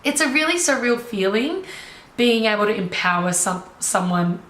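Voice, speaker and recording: A young woman, a life coach, telling her own story in an animated, enthusiastic way. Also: medium pitch, moderate pace, a little hiss or hum. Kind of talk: personal storytelling. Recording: roomy echo, faint ambience.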